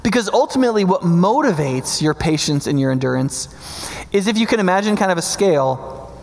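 Gravelly-voiced preacher in a reverberant hall. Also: male voice, sits high, animated, a little fast. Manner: conversational teaching with frequent "right?" check-ins. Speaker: pastor. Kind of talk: sermon.

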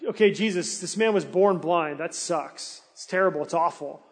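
Animated pastor preaching in an echoing hall. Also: male voice, fairly high pitch, moderate pace. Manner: animated storytelling, acting out townspeople's voices. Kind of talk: sermon.

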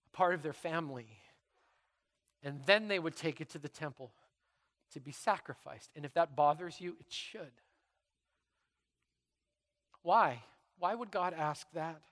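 A middle-aged man preaching a sermon in church, telling stories dramatically and dropping to a hush for emphasis. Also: fairly high pitch, long reverb tail. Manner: dramatic, animated storytelling with sudden drops to quiet. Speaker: pastor.

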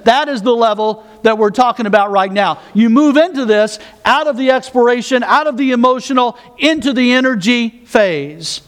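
A man preaching a sermon with a high voice. He talks to the congregation in a conversational way, stumbles over repeated words and adds self-mocking asides. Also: moderate pace, hardly any pauses, clear, resonant tone. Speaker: pastor.

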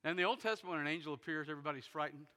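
A man preaching a sermon, retelling a story dramatically and swinging from loud bursts to hushed near-whispers. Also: on the high side, rapid-fire. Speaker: pastor. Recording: long hall reverb in a big sanctuary.

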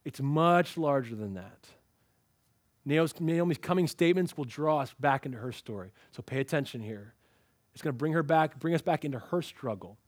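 Animated man preaching a sermon. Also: fairly high pitch, moderate pace, dry recording, clean studio sound. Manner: animated storytelling, acts out quoted lines. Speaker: pastor. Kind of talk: expository sermon.

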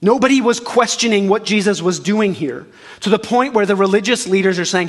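High-voiced preacher in a big echoing hall. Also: male voice, a little fast. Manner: animated preaching with frequent restarts, acting out quoted voices. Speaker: pastor. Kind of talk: sermon. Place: church auditorium.

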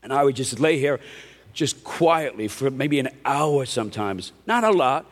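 A pastor preaching a sermon in a conversational, emphatic way, often asking the congregation "right?". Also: male voice, mid-range voice, lively intonation, unhurried, big-room sound. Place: church hall.

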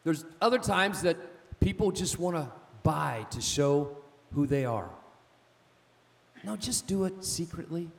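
In a church hall with long reverb, a male pastor preaches a sermon, telling stories emphatically and calling out "amen?" His voice is on the high side with lively intonation and vocal fry, and he speaks unhurriedly.

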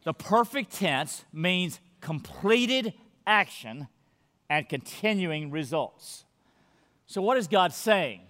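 A man preaching a sermon as pastor, earnest and emphatic, often dropping to a soft near-whisper. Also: high-pitched, lively intonation, slow, long reverb tail.

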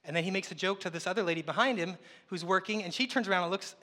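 Guy pastor preaching in church, chatty storytelling, kinda self-deprecating, bright tone, big roomy reverb. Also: sits high, racing. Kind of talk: sermon. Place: church sanctuary.

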